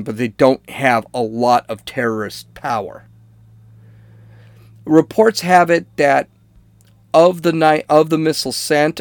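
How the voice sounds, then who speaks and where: Man, casual commentary, chatty and self-correcting, mid-pitched, dry close mic. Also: dry recording. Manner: conversational, fillers and restarts, asks "okay?" to listeners. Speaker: political commentator.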